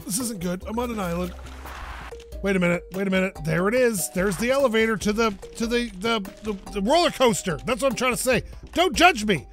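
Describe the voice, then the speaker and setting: A man commentating a goat video game as he plays, excitable and jokey, yelping and rambling to himself. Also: sits high, brisk, soft background music. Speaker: gaming YouTuber. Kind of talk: let's play commentary.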